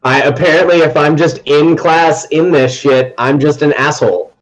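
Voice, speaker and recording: A man playing in a tabletop game, talking in a quick, joking way. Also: on the high side, steady tone, rough recording. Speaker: player. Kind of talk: casual tabletop play.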